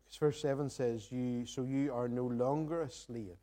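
A man's voice: medium pitch, fairly even intonation, normal speed, mellow. A man preaching a sermon in church, earnest and reflective, reading scripture and posing questions to the congregation. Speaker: pastor. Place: church sanctuary.

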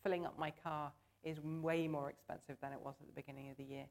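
A woman gives a sermon in church, earnest and conversational in tone. Her voice sits a little low, and she pulls the congregation in as she talks. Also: level tone, fast talker. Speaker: preacher.

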